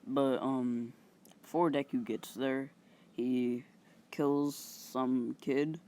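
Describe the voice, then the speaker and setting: A male channel host casually improvising a story, halting and rambling with many fillers and some mild swearing. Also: medium pitch, fairly even intonation, a little mellow, slight background noise.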